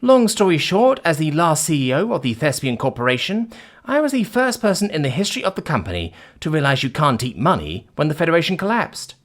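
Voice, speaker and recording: A man's voice: a little high, sing-song, fairly quick, voice pushed up. A man voicing a brash, sarcastic female former corporate chief who theatrically mocks her captors in an audiobook story. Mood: smug lecturing. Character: brash witty female ex-CEO, mocking captors. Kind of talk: audiobook character voice.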